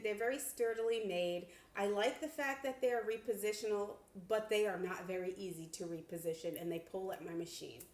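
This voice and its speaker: A woman giving a casual sewing product review, chatty and expressive, with laughs and exclamations, from a home sewing room. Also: mid-range voice, a little hiss or hum. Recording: echoey room.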